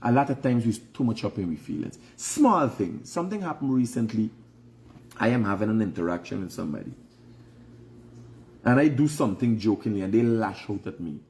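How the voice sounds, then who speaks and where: A man's voice: lowish voice, sing-song, brisk, a little mellow. Frank Guyanese man giving life advice. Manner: frank, preachy, repeats phrases for emphasis. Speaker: host. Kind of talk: casual advice monologue.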